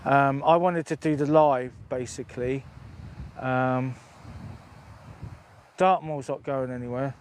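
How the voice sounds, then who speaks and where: A man's voice: medium pitch, steady tone, takes it slowly, long pauses, slight background noise. A middle-aged man chatting casually on a live stream outdoors on open moorland, rambling and swearing freely into a phone held at arm's length. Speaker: outdoor vlogger.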